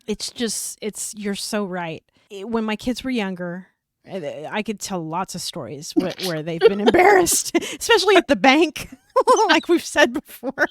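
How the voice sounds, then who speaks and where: A woman's voice: medium pitch, a little slow, no echo. Middle-aged woman, podcast co-host, chatty storyteller, dry close sound. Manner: storytelling with laughs and restarts. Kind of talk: casual faith podcast chat.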